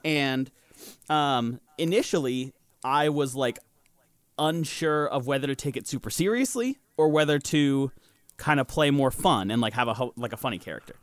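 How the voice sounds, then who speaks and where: Brief: young male podcast host, casual storyteller, swears and laughs freely, medium pitch, dry close-miked sound. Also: normal speed, clean tone, no echo.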